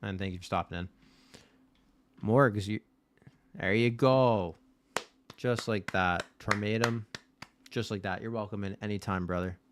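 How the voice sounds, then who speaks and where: A man's voice: lowish voice, fairly even intonation, normal speed, long pauses, fairly bright tone, slight background noise. A man hosting a live watch-party stream, talking straight to his chat in a blunt, casual way with some swearing.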